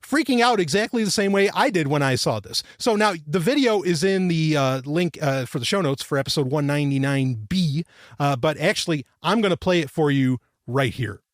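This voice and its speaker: A man hosting a tech podcast, excitable and loud, swearing and laughing as he talks. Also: fairly high pitch, a little fast. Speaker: podcast host. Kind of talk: tech podcast monologue and sponsor read.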